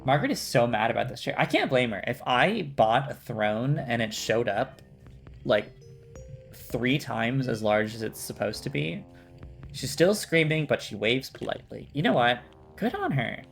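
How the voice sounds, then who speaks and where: A man's voice: medium pitch, very animated, normal speed, gravelly, faint music behind. A man casually commenting on a game during a live stream, amused and swearing freely.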